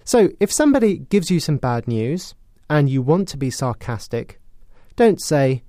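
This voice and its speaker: A British man narrates a radio English lesson in a clear, careful, explanatory way. His voice is fairly high for a man, yet mellow and warm. The sound is close and dry, like a studio. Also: sing-song, dry recording. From Britain. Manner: clear, measured, explanatory, with acted sarcastic example lines. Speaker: English teacher presenting a lesson. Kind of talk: scripted educational narration.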